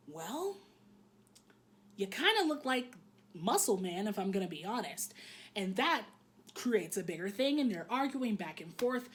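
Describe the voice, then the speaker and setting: A woman casually recapping an anime episode in a candid, joking way, swearing freely and filling pauses with "um". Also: medium pitch, big pitch swings.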